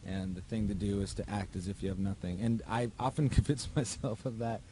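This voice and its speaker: A man's voice: fairly low pitch, steady tone, fairly quick, background noise. A male musician talking casually in an interview, loose and rambling with plenty of fillers. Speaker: musician guest.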